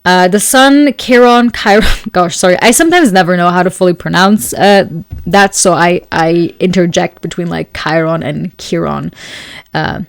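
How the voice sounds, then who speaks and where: A woman's voice: lowish voice, gravelly, no echo. A woman astrologer giving a weekly forecast in a casual, chatty monologue, often searching for words with fillers and light laughs. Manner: speaks several languages.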